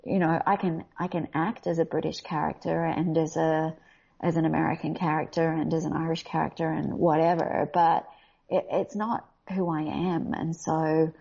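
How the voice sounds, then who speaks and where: An Australian actress speaking candidly and animatedly in a casual interview, often laughing. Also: female voice, sits low, level tone, moderate pace, gravelly, warm tone, breathy edge. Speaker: voice actor guest. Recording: dull lo-fi audio.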